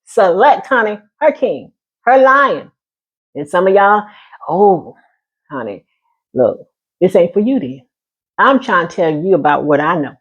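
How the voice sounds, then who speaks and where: Husky and fairly high-pitched, a woman vlogger chats casually about relationships. She's sassy with her viewers, laughs a lot, and keeps calling them honey.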